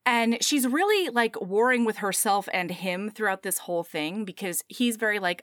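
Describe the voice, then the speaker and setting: A woman's voice: mid-range voice, moderate pace, few pauses, dry recording, clean studio sound. A woman co-hosting a casual podcast chat, animatedly retelling a novel's plot and acting out the characters' lines. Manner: animated storytelling, acts out characters' lines, laughs often. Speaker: podcast co-host. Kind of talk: casual book recap chat.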